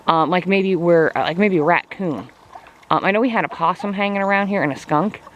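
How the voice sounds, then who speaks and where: Brief: man with a slightly high voice, a rambling, chatty farm vlogger recorded outdoors, with faint animals and outdoor noise behind him. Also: brisk, fairly bright tone, lo-fi sound. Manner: rambling and chatty, many fillers. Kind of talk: casual walk-around vlog. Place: outdoors on a farm in cold weather.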